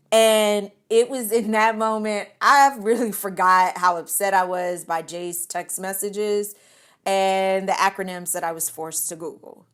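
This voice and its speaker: A woman telling a funny personal story at an unhurried pace. She is animated and expressive, laughing often and stammering when she gets worked up, with a voice of ordinary pitch. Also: smooth. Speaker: podcast storyteller.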